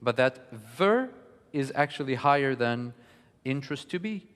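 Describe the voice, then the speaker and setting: A man giving a lecture on music, speaking in a measured, thoughtful way with frequent pauses. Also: medium pitch, lively intonation, fairly bright tone. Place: studio hall. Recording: long reverb of a studio hall.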